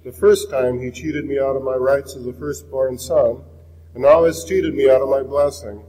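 A man reading the part of a wronged elder son, a grown hunter, in a measured way. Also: mid-range voice, steady tone, dark tone, long reverb tail, natural voice, low-quality recording. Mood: pleading.

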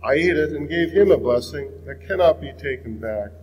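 A man reading the part of an aged, blind father in a scripture reading, in a measured, solemn way. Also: a little high, animated, darkish tone, big-room sound, close to an everyday voice, rough recording. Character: aged blind father blessing his son.

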